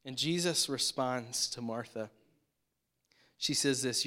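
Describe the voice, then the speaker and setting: Preaching at a measured pace, a man with a fairly high and slightly bright voice delivers his sermon as a pastor. His style is conversational yet emphatic, punctuated by frequent rhetorical "right?" check-ins with the congregation.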